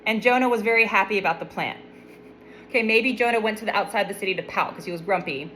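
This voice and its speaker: A young adult woman retells a Bible story in a casual, chatty way, breaking off for wry, playful asides. Her voice sits at a medium pitch, and a faint hum of noise runs quietly underneath. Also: fast, low-quality recording.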